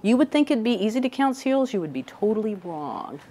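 A woman's voice: on the high side, sing-song, a little fast, mellow. A middle-aged woman scientist giving a casual, chatty talk to young people indoors, often checking in with "right?". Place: indoor room with a couch.

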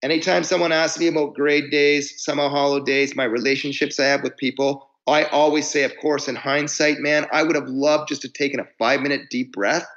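A man in his forties, a musician guest on a podcast, telling stories in a rambling way with many restarts and drawn-out words. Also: fairly high pitch, steady tone, fairly bright tone. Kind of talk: casual chat, storytelling. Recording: slightly dull lo-fi audio.

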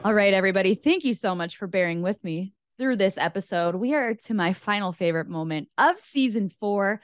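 Woman, hoarse, podcast host, bubbly rambling chat, dry close sound. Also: medium pitch, animated, fairly quick, dry recording.

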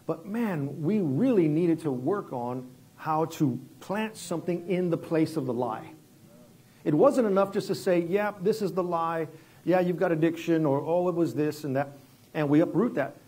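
Conversational guest pastor, mellow husky voice. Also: male voice, on the high side, expressive, normal speed. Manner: conversational, repeats words and restarts, drops quiet for dramatic story moments. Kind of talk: sermon with storytelling.

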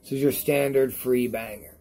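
A man reviewing products on his vlog in a rambling, profane rant to camera while he is high, repeating himself as he talks. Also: steady tone, normal speed, dark tone.

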